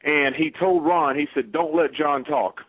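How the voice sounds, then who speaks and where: A man's voice: fairly high pitch, steady tone, unhurried. Southern guy on a call-in, blunt storyteller, tinny phone sound. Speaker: guest. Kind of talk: casual interview.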